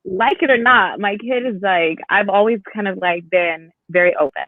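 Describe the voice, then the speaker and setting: A woman chatting casually on a live podcast, telling stories in an animated way and acting out the people she quotes. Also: medium pitch, moderate pace, no echo. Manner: animated storyteller, acts out voices in quotes. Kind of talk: casual chat. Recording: tinny phone-like live stream audio.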